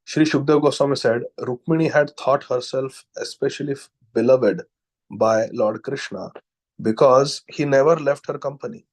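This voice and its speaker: A man reading devotional scripture aloud, chanting Sanskrit verses slowly and then explaining them in English. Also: mid-range voice. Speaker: scripture reader and preacher.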